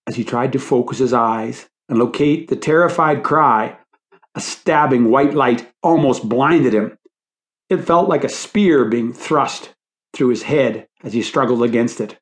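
Man reading an audiobook slowly. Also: medium pitch. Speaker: author and audiobook narrator. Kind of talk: scripted audiobook narration.

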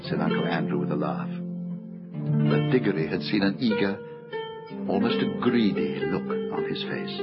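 A man narrating a children's fantasy audiobook in measured storytelling. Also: fairly low pitch, big pitch swings. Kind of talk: scripted narration. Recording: muffled audiobook recording, faint music.

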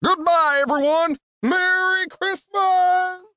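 Man doing a big proud fir tree, haughty, slow, storybook. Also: sits high, huge pitch swings, vocal fry, fairly bright tone, husky, no echo, voice pushed up, exaggerated voice. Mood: cheerful. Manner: haughty, dismissive.

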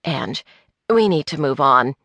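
A polite, level-headed woman, firm but placating, in the narrator's own voice. Bright, forward and dry. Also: low voice, animated, a little slow, no room sound, pitched below the performer's own voice, heavily acted.

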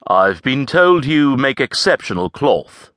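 A male audiobook narrator voicing a calm, commanding man who speaks smoothly and evenly. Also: medium pitch, unhurried, no echo, clean studio sound, pitched above the performer's own voice. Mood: smooth, teasing.

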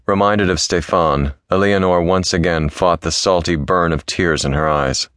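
Very deep male audiobook narrator. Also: moderate pace, few pauses, a bit bright, clean tone, dry recording, clean studio sound. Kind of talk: scripted romance narration.

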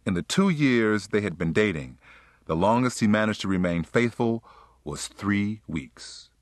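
A man narrating an audiobook in a smooth, expressive storytelling manner. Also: fairly low pitch, moderate pace, no room sound, clean studio sound. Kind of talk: scripted narration.

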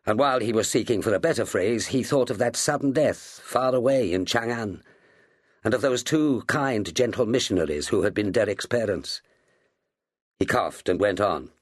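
A man narrating an audiobook in measured storytelling style. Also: lowish voice, lively intonation, slightly rough, dry recording, clean studio sound. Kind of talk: scripted narration.

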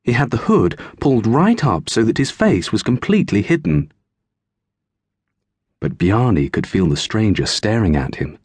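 Casting: low, husky male narrator for a children's story, lively and unhurried, dry close sound. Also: no echo. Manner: animated storytelling. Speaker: audiobook narrator.

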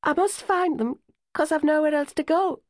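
A woman's voice: sits high, sing-song, takes it slowly, creaky, darkish tone, dry recording, studio quality, voice pushed up, full character voice. A woman voicing a desperate young woman, pleading and near tears. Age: young adult. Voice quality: pleading, tearful.

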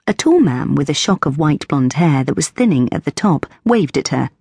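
A woman with a low, husky voice reads an audiobook in a steady, measured manner. She is recorded close on a studio microphone in a dry booth. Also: dry recording. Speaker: audiobook narrator. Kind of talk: scripted audiobook narration.

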